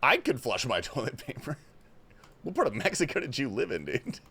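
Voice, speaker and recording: A man's voice: medium pitch, big pitch swings, a little fast, pushed and bright, husky. A young man from Australia hosting a casual gaming livestream, reading chat questions aloud and answering loosely with plenty of swearing. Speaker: livestream host. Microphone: headphones and desk mic.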